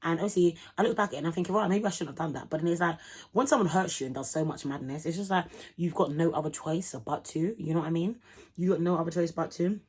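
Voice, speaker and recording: A young woman telling a vlog storytime in animated, slangy talk, acting out the people in it. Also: on the low side, fast, slightly rough. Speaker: vlogger.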